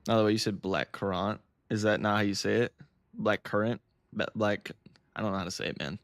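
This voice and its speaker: Male American streamer, slightly low voice, loose and jokey, fumbles words; dry booth-like sound. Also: fairly even intonation, fast talker, vocal fry, no echo. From United States. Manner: laughing, cursing, stumbling over pronunciations. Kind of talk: casual live-stream chat.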